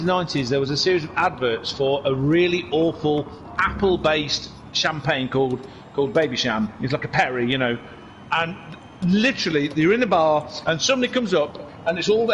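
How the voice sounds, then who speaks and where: A man's voice: on the high side, fairly bright tone, slight background noise. A man hosting a racing league stream, chatting casually and restarting his sentences as he interviews people. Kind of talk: casual livestream chat.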